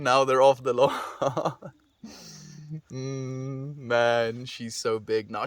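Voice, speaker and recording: A South African man chatting casually on a live stream, gently thanking viewers and answering their messages. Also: medium pitch, steady tone, takes it slowly, no echo, clean studio sound. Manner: gentle, affectionate, reads out and answers chat messages. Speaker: livestreamer.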